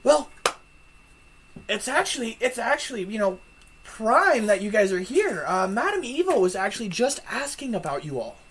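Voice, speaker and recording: A woman narrating as game master of a tabletop game, quick and full of restarts. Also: fairly high pitch, big pitch swings, husky.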